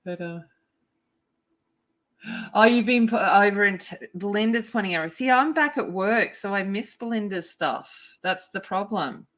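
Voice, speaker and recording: A woman's voice: medium pitch, moderate pace. Chatty woman greeting her chat. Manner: chatty, excitable, greets chat viewers by name. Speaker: art livestream host. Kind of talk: casual livestream chat while coloring.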